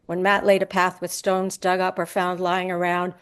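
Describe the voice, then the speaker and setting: A woman reading a personal essay aloud at a live event, crisp and brisk, brightening when she quotes people. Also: lowish voice, completely flat delivery. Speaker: essay reader.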